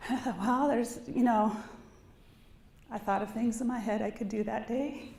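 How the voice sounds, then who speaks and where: A woman's voice: on the high side, steady tone, moderate pace, gravelly, dark tone. A woman giving a keynote speech, telling a personal story with earnest, rising passion. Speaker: keynote speaker. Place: large conference hall. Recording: echoey hall, distant mic, faint ambience.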